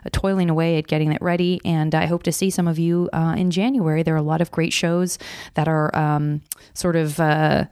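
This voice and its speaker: A woman's voice: low-pitched, little pitch movement, brisk, few pauses, a little mellow, smooth. A woman hosting a podcast, chatting casually in an American accent, with many fillers and restarts. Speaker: podcast host. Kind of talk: casual interview chat.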